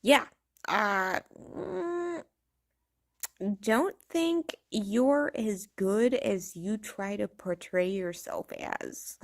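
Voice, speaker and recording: Slow, gravelly-voiced woman ranting bluntly. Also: medium pitch, expressive. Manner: blunt, profane, rambling, laughs often. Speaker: vlogger. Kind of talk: casual rant to camera.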